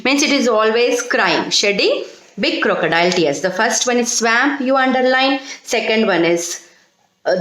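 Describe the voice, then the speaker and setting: Woman teacher, higher voice with big swings, spelling out vocabulary in a roomy echo. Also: a bit bright. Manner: spells words letter by letter, dictating instructions. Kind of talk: recorded online class lesson.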